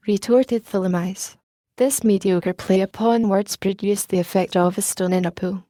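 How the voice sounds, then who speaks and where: A woman narrating a classic novel as an audiobook, reading in a calm, even way. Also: medium pitch, normal speed, no room sound, clean studio sound. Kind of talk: scripted narration.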